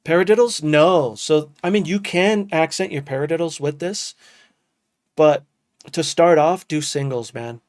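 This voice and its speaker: A man's voice: a little high, unhurried, no echo, studio quality. A man casually chatting to his live-stream chat as a music producer, loose and enthusiastic, dropping "dude" and "bro" often.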